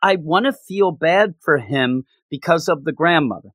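Podcast co-host, male, slightly high voice, dry close sound, animated and chatty. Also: dry recording. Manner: animated, acts out characters' lines in quick bursts. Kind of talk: casual chat.

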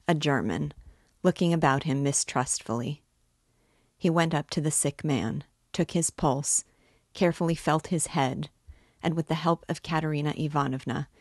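A woman reading a classic novel aloud in a slow, measured way. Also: low-pitched, dry recording, clean studio sound. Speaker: reader and literature guide. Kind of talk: audiobook narration of a classic novel.

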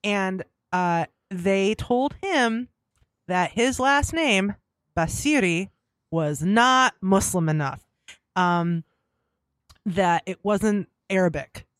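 A woman's voice: medium pitch, slow pace, no echo, studio quality. Chatty self-deprecating woman guest. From Rust Belt, United States. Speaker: podcast guest. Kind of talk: casual interview chat.

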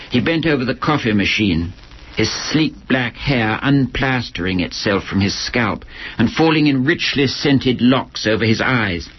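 A man reading aloud from his own book in a dry, measured storytelling manner. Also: mid-range voice, expressive, husky. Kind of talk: literary reading. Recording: lo-fi archival recording with faint hiss.

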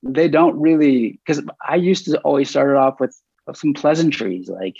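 On a dry recording with the highs cut off, a man with a gravelly, slightly rough, higher-leaning voice recounts a story in a relaxed interview. He calls himself a bit nervous, and his telling is halting and full of restarts, though he animatedly performs the quoted lines.

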